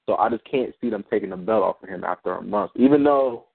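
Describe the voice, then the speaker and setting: A man's voice: lowish voice, fast talker, vocal fry, husky. A man co-hosting a wrestling podcast, talking casually and ranting with some swearing. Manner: animated, ranting, profane. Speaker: podcast co-host. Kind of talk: casual chat. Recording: dry tinny phone-like sound.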